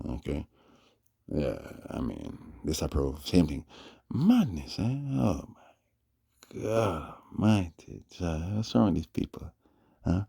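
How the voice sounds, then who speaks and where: A man's voice: extremely low pitch, gravelly, dark tone, husky. A man giving mocking casual commentary on a livestream, tagging his points with "huh?". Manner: mocking, with frequent "huh?" tags. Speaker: online commentator.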